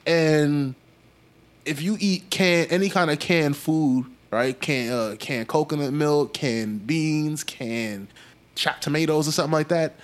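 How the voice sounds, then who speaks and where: A young man from Brooklyn, telling stories in a slangy, animated casual chat. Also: a little high, a little slow. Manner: animated storyteller, slangy, acts out quotes.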